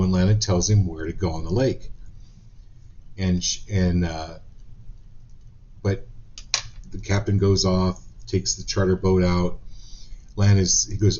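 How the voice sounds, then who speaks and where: A man hosting a live-stream card reading, telling a story in an animated, conversational way before he pulls a card. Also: low-pitched, unhurried, long pauses, lo-fi sound. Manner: storytelling, animated retelling of quotes. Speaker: psychic reader.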